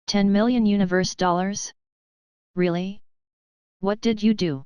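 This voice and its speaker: A woman's voice: medium pitch, steady tone, measured pace, darkish tone, smooth, no echo, highs cut off, close to an everyday voice. A woman reading the part of a proud, fiery teenage girl in an audiobook, huffy and blustering. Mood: astonished.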